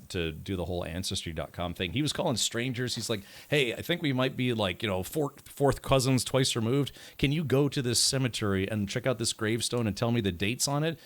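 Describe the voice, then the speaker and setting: An American man commentating his gameplay live, chatty and rambling with many asides. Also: lowish voice. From United States. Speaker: game streamer.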